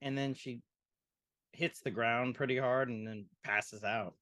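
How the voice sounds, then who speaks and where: A man in a mid-range voice walks through an episode beat by beat on a casual podcast. He keeps pausing to act out what characters said. The sound is close and dry, with no room echo. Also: medium pitch, fairly even intonation, sharp tone. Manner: scene-by-scene retelling, quoting characters. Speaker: podcast co-host. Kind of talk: casual chat recapping a show.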